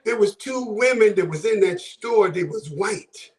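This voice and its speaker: A man from Buffalo, New York, calls in to a talk show with fervent, preacher-like commentary, often raising his voice. His high-pitched voice has lively intonation and a slightly slow pace, sounding roomy and far from the mic.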